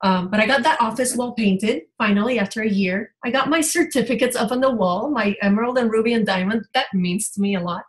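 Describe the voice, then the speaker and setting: A woman's voice: on the high side, fairly quick, few pauses, rough recording. A woman health coach giving an emotional, rambling personal testimony on a team video call.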